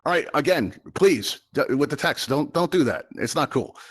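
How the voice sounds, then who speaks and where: A man's voice: on the high side, lively intonation, normal speed, slightly rough. A man hosting a live virtual game show, talking straight to his audience in a chatty, rambling showman manner.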